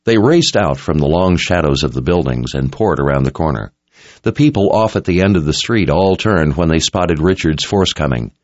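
A man's voice: extremely low pitch, animated, moderate pace, no room sound, muffled recording. A man reading a dramatic story aloud as narrator, in an intense, scripted audiobook style.

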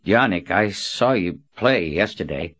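A man voicing a self-conscious, kindly soldier captain with gruff, awkward warmth in an audiobook. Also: sits low, lively intonation, unhurried, dry recording, faint music behind, exaggerated voice. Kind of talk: audiobook character voice.

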